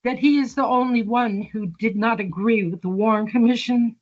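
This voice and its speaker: An older woman with a slightly high, somewhat mellow voice tells long stories slowly in a conversational interview, acting out the quoted dialogue along the way. The sound is lo-fi.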